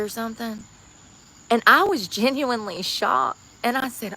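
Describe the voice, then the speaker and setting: Woman, livestreamer, bright forceful voice, rambling casual chat, outdoor street, faint insect noise. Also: on the high side, animated, moderate pace. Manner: rambling, chatty, addresses viewers as y'all.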